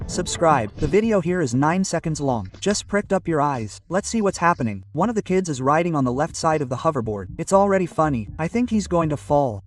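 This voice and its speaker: Animated man joking through a reaction video. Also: a little high, recorded from a distance. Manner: animated, exclaiming, joking asides to viewers. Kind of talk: casual reaction commentary.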